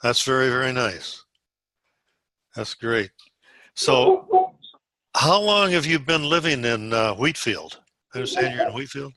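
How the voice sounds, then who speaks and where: Bright-voiced man coaching a sales team. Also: mid-range voice, big pitch swings, a little slow, long pauses, no room sound. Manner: instructive, walks through phone scripts step by step. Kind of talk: coaching a group over a video call. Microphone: video call.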